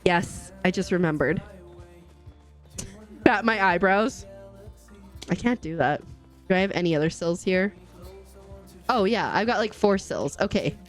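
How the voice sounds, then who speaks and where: A woman's voice: fairly low pitch, unhurried, long pauses, soft background music. A woman streaming a game live, chatting casually, laughing often and greeting her chat viewers. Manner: bubbly, giggly, greets chat viewers warmly.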